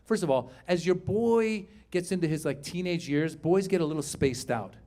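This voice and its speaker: A middle-aged man doing a stand-up comedy set on a theater stage, telling animated stories, acting out voices and chatting with the crowd. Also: fairly high pitch, moderate pace. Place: theater stage before a live audience. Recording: live room with audience laughter.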